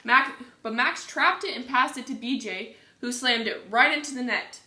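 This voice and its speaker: A woman reading a children's book aloud in a cheerful, lively way, recorded in an echoey room. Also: a little high, normal speed. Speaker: reader. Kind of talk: children's storybook read-aloud.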